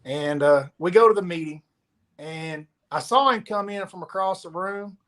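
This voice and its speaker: Animated storytelling man, slightly high voice. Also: moderate pace. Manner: animated storyteller, acts out quoted dialogue. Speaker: pro angler guest. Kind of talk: casual storytelling chat.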